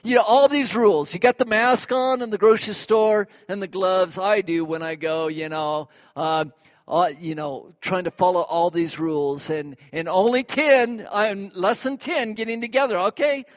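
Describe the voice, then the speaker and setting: A male pastor preaching a sermon in a lively, animated way, acting out everyday examples. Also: normal speed. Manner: animated, acts out examples with sudden high bursts. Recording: dull sound with long hall reverb.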